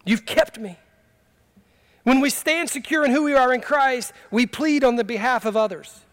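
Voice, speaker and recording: A middle-aged pastor preaching a sermon, swinging from impassioned emphatic cries to quiet, low storytelling. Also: male voice, moderate pace.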